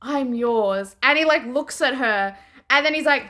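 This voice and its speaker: A young woman reviewing a book in casual chat, frank and animated, peppering her talk with "like" and the odd swear. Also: sits high, moderate pace. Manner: animated and chatty, heavy use of "like".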